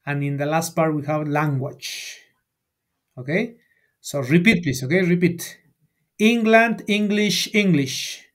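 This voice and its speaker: A man leads a beginner English class in a call-and-repeat drill. His voice sits a little high, and he speaks slowly, stressing each word so students can echo it back. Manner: enunciates each word for learners to repeat, rising on prompts. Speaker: English teacher.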